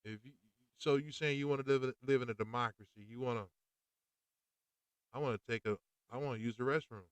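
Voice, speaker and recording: A man's voice: mid-range voice, fairly quick, smooth, no echo, rough recording. A man hosting a podcast, talking in a fired-up, preachy and slangy monologue. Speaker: podcast host. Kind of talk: opinionated monologue.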